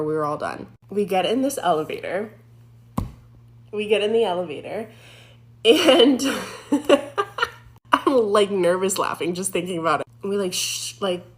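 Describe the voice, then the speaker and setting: A woman, a former EMT, telling a scary story to camera in a rambling way with many fillers. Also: on the low side. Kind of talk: storytime monologue.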